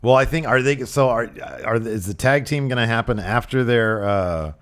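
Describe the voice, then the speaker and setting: An excitable young man co-hosting a casual podcast, his voice at an everyday middle pitch. He talks loosely and jokily, breaking off mid-thought and breaking into silly bits. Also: normal speed, clean tone. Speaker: podcast co-host. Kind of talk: casual wrestling review chat.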